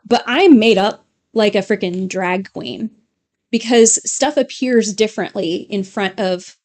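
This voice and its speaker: A woman's voice: mid-range voice, a little slow, a little mellow. A woman co-hosting a casual live stream from a home studio, rambling and chatty with frequent fillers and laughs. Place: home studio with LED lights.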